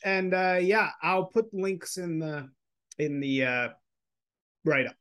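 A man's voice: fairly high pitch, fairly bright tone, clear, resonant tone. A man hosting a casual podcast interview, agreeable and encouraging toward his guest. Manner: agreeable, quick to say "totally agree". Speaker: podcast host.

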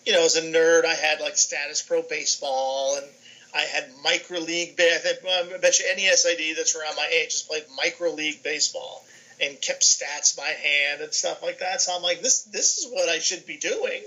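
Bright-voiced middle-aged man telling stories. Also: on the high side, fairly quick, poor audio. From New York. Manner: animated, acts out dialogue in his anecdotes. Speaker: guest, sports information director. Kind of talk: casual storytelling on a podcast. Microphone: video call.

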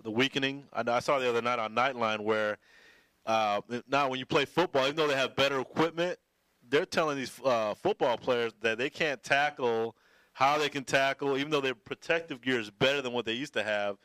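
A man's voice: mid-range voice, a little fast, a bit bright, clear, resonant tone, rough recording. A man taking part in a talk show discussion, earnestly building an argument. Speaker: discussion participant.

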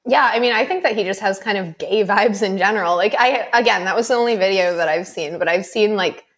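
A woman's voice: mid-range voice, brisk, a bit bright. A woman chatting casually on a podcast, rambling with frequent fillers and laughs. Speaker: podcast co-host. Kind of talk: casual chat.

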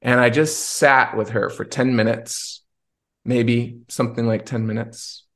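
A man's voice: mid-range voice, fairly even intonation, unhurried, fairly bright tone. A man hosting a podcast who tells a personal story in an earnest, searching way, often restarting his sentences. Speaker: podcast host. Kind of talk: reflective personal storytelling in conversation.

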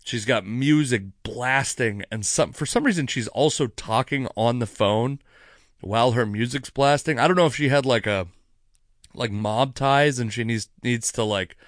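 Male podcast host, mid-pitched, loose profane storyteller, close dry mic. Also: moderate pace, dry recording. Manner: animated, profane, rambling with asides. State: sipping wine. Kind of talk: casual storytelling monologue.

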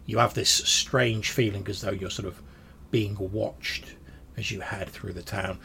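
A man's voice: lowish voice, steady tone, unhurried, vocal fry, sharp tone, a little hiss or hum. A man narrating a tabletop role-playing game as game master, rambling with many fillers.

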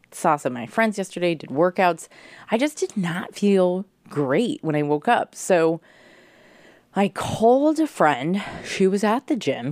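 A woman's voice: fairly low pitch, darkish tone, no echo, studio quality. A woman hosting a solo podcast at home, giving a peppy pep talk to her listeners and swearing for emphasis. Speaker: podcast host. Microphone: close podcast mic.

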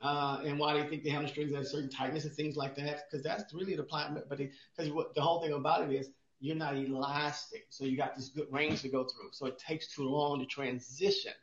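Brisk and with few pauses, his slightly high voice shows little pitch movement. He's an exercise expert co-hosting a podcast, casually explaining exercise while frequently restarting and posing rhetorical questions to himself. Sound is roomy, dull and lo-fi.

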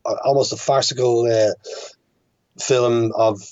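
A man's voice: medium pitch, fairly even intonation, a little slow, darkish tone, no room sound, dull audio. A man with an Irish accent, a guest filmmaker chatting on a podcast, hesitant and full of restarts and fillers. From Ireland. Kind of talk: casual podcast chat.

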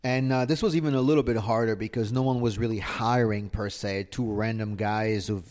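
French-accented male guest, animated, restarts a lot, swears casually. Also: on the low side, fairly quick. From France. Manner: animated, restarts often, swears casually, acts out voices in quotes. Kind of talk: casual storytelling in an interview.

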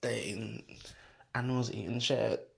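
A woman vlogger telling a rambling story in a blunt, sassy way, swinging between loud outbursts and hushed asides. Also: a bass voice, fairly even intonation, slow, vocal fry, slight background noise.

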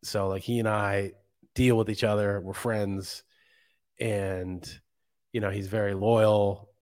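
A man's voice: on the low side, level tone, slow pace, a little mellow. Congested man musing on a solo podcast. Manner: rambling, reflective, with many fillers and restarts. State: congested, recovering from a cold. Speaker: podcast host.

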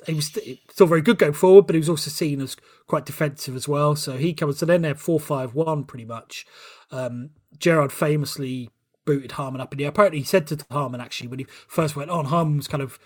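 Man, football podcast chat, rambling and animated, slightly high-pitched voice. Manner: rambling, animated storytelling with many fillers. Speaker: podcast panelist.

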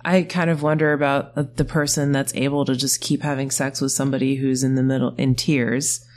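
A woman guest on a podcast, making thoughtful, measured remarks. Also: rumbling low, flat delivery, a little mellow. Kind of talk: casual podcast discussion.

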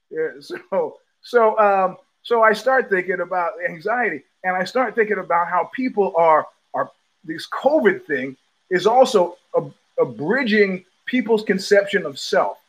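A middle-aged man hosting his own live show from home, talking in loose digressions with frequent restarts, blunt profanity and quick laughs. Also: sits high, expressive, a bit bright, poor audio. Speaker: podcast host. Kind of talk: rambling live-stream monologue.

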